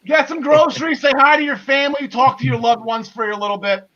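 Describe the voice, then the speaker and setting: A man's voice: extremely high pitch, fairly even intonation, fairly quick, bright, forceful tone, dull audio. A man hosting a casual wrestling podcast, enthusiastic and laughing often, with lots of fillers and restarts. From half Irish. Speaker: podcast host.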